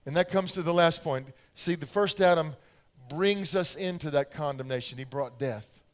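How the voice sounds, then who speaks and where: In a fairly high voice and at a moderate pace, an older American man preaches. He brings his stories to life by playing out small scenes and mimicking how his kids talk.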